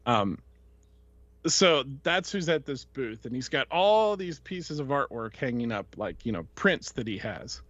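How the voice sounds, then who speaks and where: A man co-hosting a podcast, telling a story in an animated way and laughing often. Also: mid-range voice, a little slow, no echo, muffled recording. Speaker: podcast co-host. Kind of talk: casual chat.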